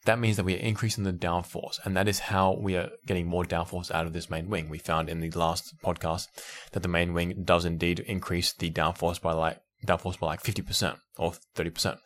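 A man with a notably low voice hosts an educational podcast. He explains technical findings in an eager, conversational way, now and then restarting a phrase. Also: flat delivery, brisk, fairly bright tone, a little hiss or hum. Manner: enthusiastic, explanatory, occasional restarts and laughs. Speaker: podcast host.

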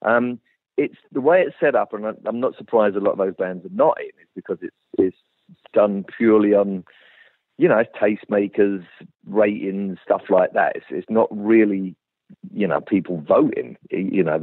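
Low-voiced male guest on a phone line. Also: no echo. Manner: relaxed, conversational with fillers. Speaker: guest musician. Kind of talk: radio interview answers.

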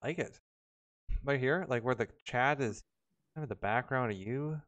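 A laid-back man hosts a live stream in a loose, casual way, laughing easily between remarks. His voice is smooth and clear, sitting at an ordinary middle pitch. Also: normal speed, fairly bright tone. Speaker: podcast host.

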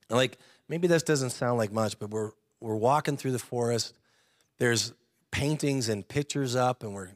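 A man in his thirties gives a personal testimony at church, earnest and chatty, often laughing and restarting his sentences. His voice is medium in pitch, captured as clean studio sound with no room sound.

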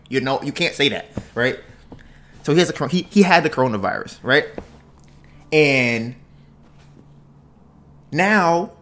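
A man hosting a podcast, telling a story in a casual, animated way and tagging phrases with "right?". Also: fairly high pitch, moderate pace. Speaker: podcast host.

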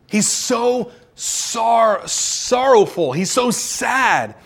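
A male pastor preaching a sermon, pressing his listeners with repeated rhetorical questions and swinging between urgent and hushed. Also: very high voice, animated, drawn-out words, vocal fry, few pauses.

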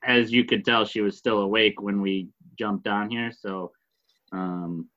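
A man speaking softly and haltingly in a casual chat, as a parent. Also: lowish voice, steady tone, faint music behind. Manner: soft-spoken and halting. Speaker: podcast guest and parent. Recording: dull lo-fi sound.

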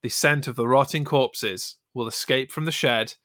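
A man co-hosting a casual chat show, making dry, deadpan jokes. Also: mid-range voice, normal speed, dry recording. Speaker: podcast co-host reading chat.

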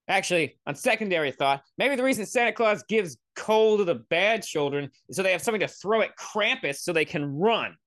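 A man's voice: high-pitched, animated, brisk, hardly any pauses, a bit bright, no room sound. A young man hosting a podcast, ranting in a sarcastic, profane, rambling way into a close mic. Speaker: podcast host. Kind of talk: comedic solo rant.

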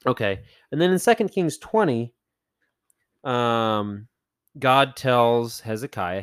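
A man's voice: mid-range voice, very animated, a little slow, dry recording. A man hosting a podcast, casually talking through Bible stories and acting out the characters in playful voices, with plenty of fillers and self-corrections. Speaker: podcast host.

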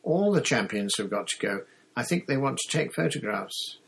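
Colin: a man doing an eager, squeaky schoolboy. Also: lively intonation, normal speed, fairly bright tone, a little hiss or hum. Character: eager, nervous young schoolboy.

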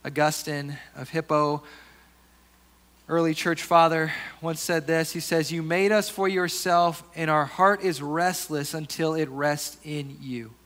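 A pastor preaching a sermon in an earnest, conversational way, often restarting his sentences and dropping to softer asides. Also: on the high side, steady tone, measured pace.

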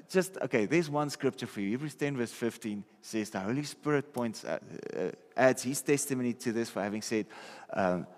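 Man preaching in a reverberant hall. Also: medium pitch. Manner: conversational, checks in with listeners often. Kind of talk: sermon. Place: church hall.

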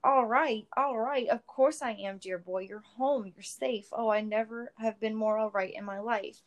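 A woman voicing an emotional, loving hobbit father who speaks loud and firm. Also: a little high, measured pace, natural voice. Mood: overjoyed. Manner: loud, firm, then tearful and joyful.

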